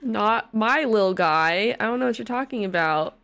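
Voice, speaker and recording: A young woman casually commenting on a life-sim game she plays, her voice hoarse and congested, breaking into loud squeals of alarm now and then. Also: mid-range voice, lively intonation, moderate pace. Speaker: gaming streamer. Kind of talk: casual let's-play commentary. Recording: faint game music behind.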